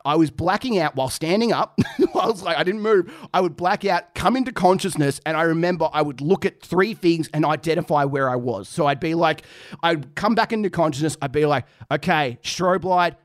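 A young Australian man co-hosting a podcast tells a story in a casual chat, swearing freely and laughing through it. His slightly high voice is animated and brisk, recorded dry and in studio quality.

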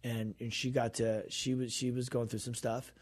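A man's voice: mid-range voice, level tone, moderate pace. A man co-hosting a faith podcast, telling a story in a casual chat and acting out the quoted dialogue. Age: adult, grown pastor's kid. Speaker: podcast co-host and minister.

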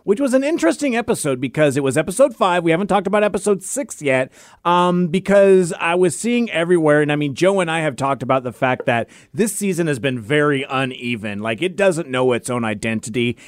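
A man's voice: a little high, animated, a little fast, dry recording. A man co-hosting a podcast, moving the chat along with a dry, wry delivery. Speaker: podcast co-host. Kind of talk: casual chat.

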